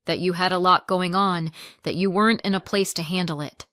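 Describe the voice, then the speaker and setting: A woman voicing a sugary, defensive sister who turns sharp and snappish, in a plain voice close to her own. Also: fairly low pitch, steady tone, a little fast, no room sound, natural voice. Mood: evasive. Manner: syrupy, then snapping.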